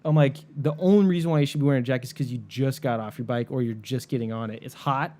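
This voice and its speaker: Animated man telling stories, swearing. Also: mid-range voice, quick pace. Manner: animated, swearing, acts out the people in his stories. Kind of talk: casual storytelling.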